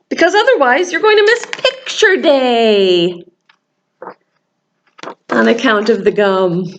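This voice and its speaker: A woman librarian leading a children's story time, reading aloud with lively expression and singing a simple goodbye song. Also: high voice, slight background noise. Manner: animated storytelling, sings a call-and-response song.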